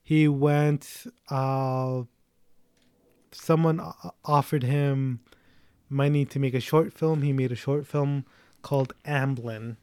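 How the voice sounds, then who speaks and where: A man's voice: medium pitch, fairly even intonation, takes it slowly, dark tone, clean tone, dry recording. A young man hosting a casual chat, telling a story in a rambling way with lots of fillers.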